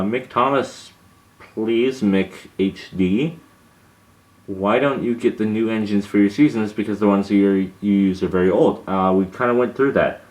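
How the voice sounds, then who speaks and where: A man's voice: fairly low pitch, a little mellow. A young man answering viewer questions in a casual, hesitant monologue, with many fillers and restarts.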